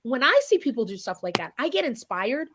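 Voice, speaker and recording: A woman's voice: fairly high pitch, very animated, a little fast, noisy background. A woman talking as an interview guest, blunt and emphatic, swearing freely as she speaks her mind. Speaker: guest chef and singer. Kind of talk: candid interview talk.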